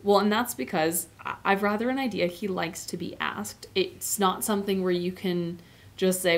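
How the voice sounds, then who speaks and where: A woman's voice: medium pitch, moderate pace. A woman teacher giving an informal, chatty lecture on a novel, with many fillers and asides. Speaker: literature teacher.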